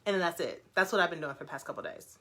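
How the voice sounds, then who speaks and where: Fast-talking, animated woman on a livestream. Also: on the low side. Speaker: brand founder hosting a live Q&A. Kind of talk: casual livestream chat reading viewer comments.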